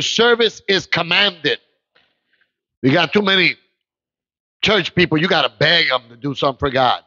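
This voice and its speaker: A man preaching an impassioned sermon, telling stories and breaking into shouts, heard through muffled livestream audio. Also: fairly high pitch, no room sound. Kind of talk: sermon with storytelling.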